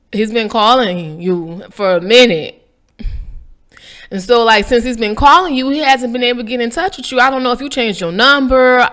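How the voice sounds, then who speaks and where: A woman, talking to viewers in a casual inspirational vlog, animated and preachy with a playful streak. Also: a little high. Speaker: faith vlogger. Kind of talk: casual inspirational talk to camera.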